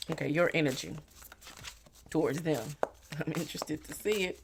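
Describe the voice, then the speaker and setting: A tarot reader giving a casual reading straight to the viewer, blunt and animated, now and then slipping into mocking voices for quotes. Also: medium pitch, normal speed, gravelly, pauses often, background noise.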